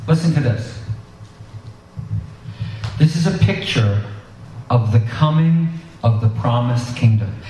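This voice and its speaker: A man's voice: mid-range voice, animated, takes it slowly, long pauses, darkish tone, far from the mic, slight background noise. A man preaching a sermon and reading scripture, talking conversationally with asides to his congregation. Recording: echoey hall, voice picked up from afar.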